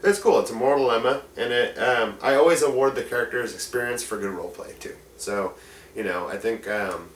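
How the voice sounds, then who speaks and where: A man's voice: mid-range voice, a little fast. A man who is a game master, giving tabletop game tips in a rambling, enthusiastic way with many fillers. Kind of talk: casual instructional talk. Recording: echoey room, mic at a distance, faint noise.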